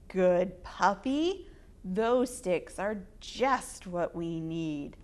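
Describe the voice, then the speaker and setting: A woman hosting storytime, reading picture books aloud to children in an expressive, sing-song way. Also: medium pitch, extremely slow. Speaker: storytime reader.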